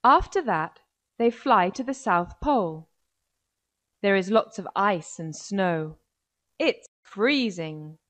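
Woman narrator for a kids' story, slow and clear, mid pitch. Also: animated, a bit bright. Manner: slow, clear, carefully paced. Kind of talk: scripted narration for children.

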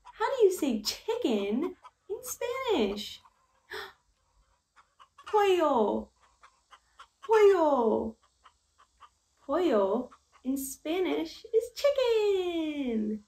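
A woman teaching little children, talking in a sing-song, coaxing way with big gasps and slow, deliberate repetition. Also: very high-pitched, very animated, dark tone. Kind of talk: children's educational talk. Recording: echoey room with faint music.

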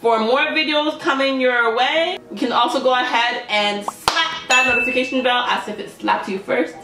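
A woman hosting a casual reaction video, excitable and quick to laugh, often trailing off mid-sentence. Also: sits high. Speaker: YouTube reaction host. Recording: echoey room with faint music.

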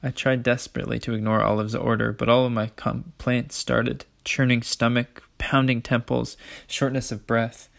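Gravelly man reading a storybook aloud. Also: mid-range voice, level tone, normal speed, fairly bright tone. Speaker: audiobook reader.

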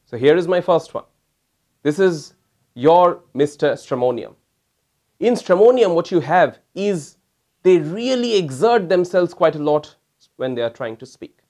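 A man with a fairly high voice lectures as a homeopathic doctor. He talks to his listeners as "my friends" and explains his points with demonstrations. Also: lively intonation, measured pace, dark tone. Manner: addresses listeners as "my friends", mimics stammering patients to demonstrate. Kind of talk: recorded lecture.

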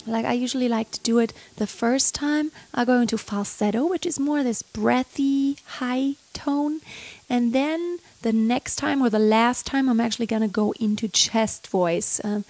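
A young woman teaching how to sing a pop ballad, speaking in a relaxed coaching manner and breaking into sung phrases to show the technique. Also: on the high side, a little slow. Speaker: singing teacher. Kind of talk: vocal lesson with sung demonstrations. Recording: loud instrumental music behind.

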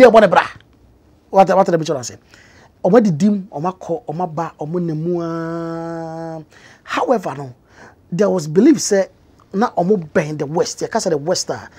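Husky Ghanaian-accented woman explaining news. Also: on the low side, dark tone. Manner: conversational with many fillers, rising emphatic stretches. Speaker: news commentator. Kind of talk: explanatory commentary mixing English and Twi.

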